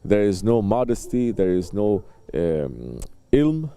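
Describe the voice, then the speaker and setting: A male religious teacher delivering a sermon, telling stories and briefly acting out the people in them, with pauses and soft fillers. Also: fairly low pitch, very animated, vocal fry, smooth. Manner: storytelling, acting out short exchanges between people.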